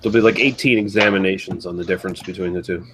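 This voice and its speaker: A man's voice: low-pitched, fairly even intonation, rapid-fire, a bit bright, a little hiss or hum. A man co-hosting a casual podcast chat, sarcastic and crude in a loose, joking way. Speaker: podcast co-host.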